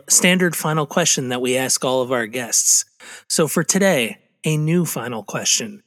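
A man's voice: a little high, lively intonation, normal speed, a bit bright. A man co-hosting a podcast, putting on a mock-formal tone to ask the final question. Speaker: podcast co-host. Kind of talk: casual chat.

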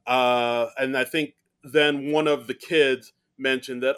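A man's voice: mid-range voice, steady tone, takes it slowly, hardly any pauses, fairly bright tone, clear, resonant tone. A man co-hosting a casual film review podcast, recapping the plot in a rambling way with many fillers. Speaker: podcast co-host.

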